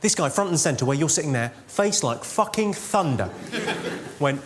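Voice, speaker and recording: A man with a high voice delivers crude, deadpan one-liners in a live stand-up set on a theatre stage. He works the crowd through a handheld stage mic. Loud audience noise runs under every line. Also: normal speed. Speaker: stand-up comedian. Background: audience laughter.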